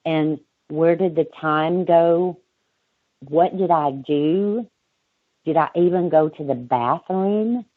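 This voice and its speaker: Female guest on a phone line, slow and reflective, dry tinny audio. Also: low-pitched, no room sound. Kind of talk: personal account in an interview.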